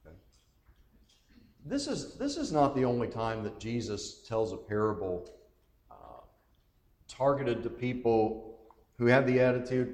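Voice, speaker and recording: A man's voice: medium pitch, expressive, moderate pace, long pauses, darkish tone. A man leading a Bible study, reading scripture aloud and asking the group questions. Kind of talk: teaching a Bible class. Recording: echoey room with long reverb.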